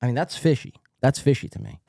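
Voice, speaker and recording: A man's voice: medium pitch, fairly even intonation, fast, dark tone, no echo, clean studio sound. A man hosting a podcast, giving sarcastic, mocking commentary on video clips with lots of swearing. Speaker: podcast host.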